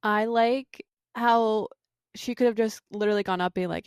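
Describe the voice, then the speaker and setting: Relaxed, chatty female podcast co-host. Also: mid-range voice, normal speed, clear, resonant tone, dry recording, clean studio sound. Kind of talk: casual podcast chat.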